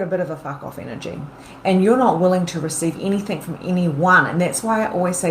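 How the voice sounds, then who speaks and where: Woman podcast host and coach, animated, roomy sound, faint hiss. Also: fairly low pitch, fast. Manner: animated, acts out worried inner voices. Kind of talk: casual coaching monologue. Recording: roomy with faint background noise.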